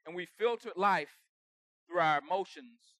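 A man preaching a conversational sermon with humor, acting out everyday quarrels and swinging from soft asides to shouts. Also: high-pitched, a little slow, no echo, clean studio sound.

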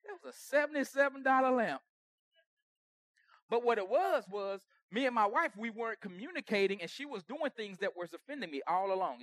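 A man preaching a conversational sermon with humor, acting out everyday quarrels and swinging from soft asides to shouts. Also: extremely high pitch, lively intonation, fairly quick, no echo, studio quality.

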